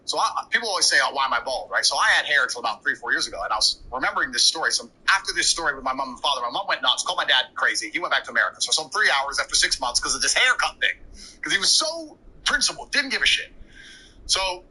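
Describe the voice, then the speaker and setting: Over poor audio, a podcast guest in his thirties spins a quick, profane anecdote in a brash, casual storytelling style. His mid-range voice has lively intonation and a bright, forceful, husky tone.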